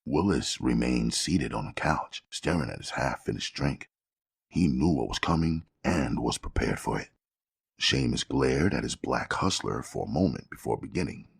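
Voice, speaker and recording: Very deep gravelly male narrator. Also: dry recording, studio quality. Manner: steady, measured storytelling. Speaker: audiobook narrator. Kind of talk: scripted audiobook narration.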